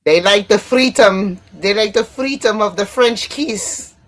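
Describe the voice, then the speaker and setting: A woman with a New Jersey accent chatting casually on a live stream, animated and curious, asking lots of questions. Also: medium pitch, measured pace.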